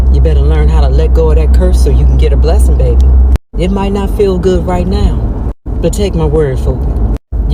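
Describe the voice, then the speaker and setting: A woman giving firm motivational relationship advice outdoors, with cars passing. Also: low voice. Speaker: advice speaker. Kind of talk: motivational talk. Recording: loud traffic noise outdoors.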